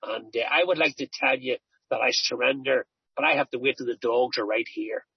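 A man's voice: mid-range voice, brisk, creaky, husky, dry recording, highs cut off. A middle-aged man giving an earnest personal recovery testimony, telling stories and often repeating himself. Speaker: recovery speaker.

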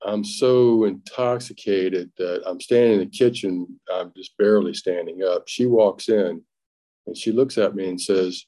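Low, mellow-voiced man telling his story. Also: breathy edge. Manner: plainspoken storyteller, halting restarts, acts out quotes. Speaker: recovery speaker sharing his story. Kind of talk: personal testimony at a recovery meeting.

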